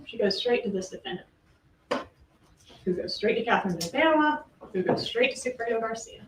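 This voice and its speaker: A woman prosecutor gives a closing argument, pressing the jury with pointed rhetorical questions and emphatic pauses. Her voice is on the high side with a fairly bright tone. The courtroom audio is echoey and distant, with a little hiss or hum.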